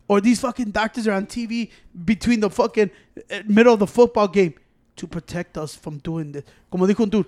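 A man's voice: very high-pitched, brisk. A man in a casual, profane chat, switching between English and Spanish.

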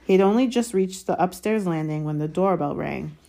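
A woman reading a novel chapter aloud in a calm, steady storytelling manner. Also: fairly low pitch, brisk, gravelly. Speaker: audiobook reader.

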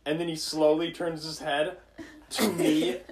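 A man's voice: on the high side, measured pace, background noise. A young man chatting casually with friends, telling a funny story with lots of laughter. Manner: animated storyteller, often laughing. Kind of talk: casual chat among friends.

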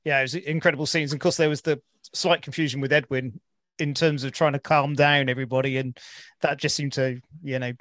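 A man's voice: mid-range voice, flat delivery, brisk, a bit bright, dry recording, studio quality. A man hosting an interview, asking long hesitant questions full of fillers. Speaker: interviewer, host. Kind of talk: casual interview.

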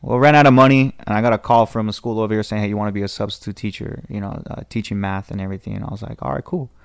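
A young Southern Californian man, a podcast guest, rambles through a long story in casual chat, restarting often and acting out the voices of the people in it. His voice is lowish, fairly even and racing, with vocal fry and a clean tone. The recording is dry and studio quality.

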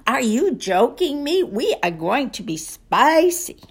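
A woman's voice: high-pitched, very animated, slow, husky, voice pushed up, heavily acted. A woman voicing a hyperactive, passionate male pig performer with a German accent, exuberant and pushy. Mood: cocky.

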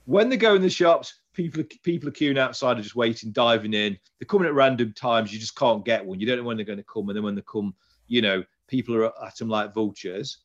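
A man's voice: medium pitch, quick pace, muffled recording. A man, hosting a casual podcast chat and rambling through restarts. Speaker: podcast host.

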